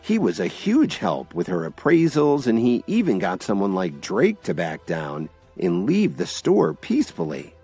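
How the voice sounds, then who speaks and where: A man narrating an audio drama series in an expressive storytelling manner. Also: on the low side, a little slow, hardly any pauses, slightly rough, soft background music.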